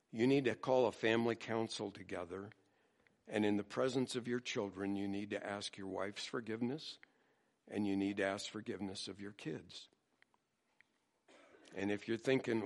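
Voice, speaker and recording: A pastor preaching a sermon in an earnest, emphatic way, slowing down dramatically on scripture. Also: male voice, fairly low pitch, vocal fry.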